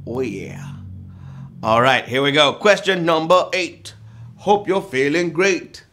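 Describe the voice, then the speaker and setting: Male quiz show host, playful and jokey, pitched a little high, bouncing all over, faint music behind. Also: lively intonation, a little slow. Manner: playful, joking, with loud whoops. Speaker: trivia game show host. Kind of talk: live quiz show hosting.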